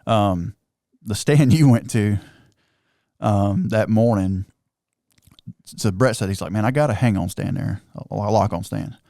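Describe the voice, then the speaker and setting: A man telling a hunting story on a podcast, excited and animated, acting out what everyone said. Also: lowish voice, measured pace, gravelly, no room sound, studio quality. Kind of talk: casual storytelling chat.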